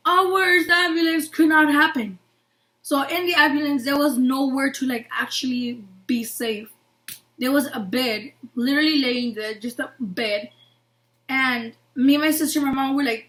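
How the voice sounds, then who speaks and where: A young woman vlogger telling a story casually, animated and full of "like" fillers, acting out what people said. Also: on the high side. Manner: animated, acts out quotes with many "like" fillers.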